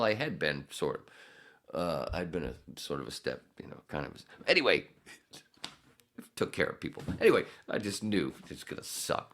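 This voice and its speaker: A middle-aged man with an extremely deep, low voice tells a long, meandering story on a podcast. He swears freely, laughs often and wanders off on tangents as he goes. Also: a bit bright. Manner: profane, rambling, laughs often. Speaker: podcast host. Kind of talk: casual storytelling.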